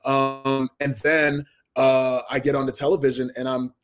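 A man's voice: medium pitch, flat delivery, unhurried. A man in his thirties from Massachusetts telling stories as an interview guest, earnest and full of restarts. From Massachusetts, USA. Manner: earnest, storytelling, many restarts. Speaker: guest, pro wrestler. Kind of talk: casual interview talk.

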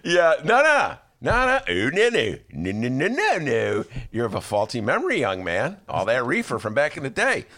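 A man's voice: medium pitch, normal speed, few pauses. A man hosting a radio talk show, bantering and joking, slipping into impressions. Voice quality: animated, jokey, slips into impressions. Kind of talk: casual on-air banter.

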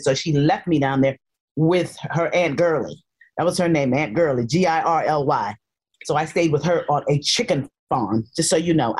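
Animated woman guest telling stories, playful, acts out the people she quotes, lowish voice. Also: breathy edge. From North Carolina, USA. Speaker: guest actress. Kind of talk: casual interview storytelling.

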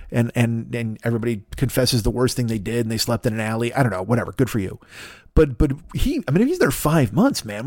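A man's voice: medium pitch, a little mellow, no echo, studio quality. Cranky, foul-mouthed man in his fifties. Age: 50s. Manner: profane, rambling, cranky. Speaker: podcast host. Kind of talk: solo comedic rant. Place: home apartment.

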